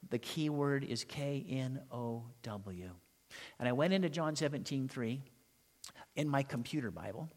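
Storytelling preacher in a reverberant hall. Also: male voice, mid-range voice. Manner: storytelling preacher, rhetorical questions, dramatic pauses. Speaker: pastor. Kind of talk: sermon.

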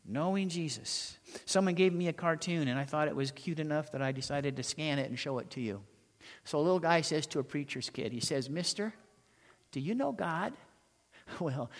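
A man preaching a sermon as pastor, telling stories and asking the congregation rhetorical questions. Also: on the high side. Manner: storytelling preacher, rhetorical questions, dramatic pauses. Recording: long hall reverb.

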